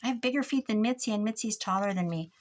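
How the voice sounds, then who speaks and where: Talking at a quick pace over slight background noise, this older woman has a mid-range voice. She's a crafting vlogger who chats and grumbles playfully as she works on her project.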